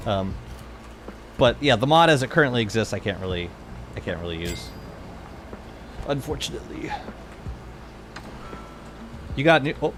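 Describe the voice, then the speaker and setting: Excitable rambling man streamer, lively pitch. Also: moderate pace, long pauses, a little hiss or hum. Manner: excitable, rambling with many restarts. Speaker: game streamer. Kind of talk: casual live-stream chat.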